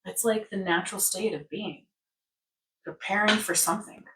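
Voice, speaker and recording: A woman's voice: medium pitch, normal speed, fairly bright tone, far from the mic. A woman in casual wellness chat who rambles and acts out everyday scenarios. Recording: echoey room, off-mic.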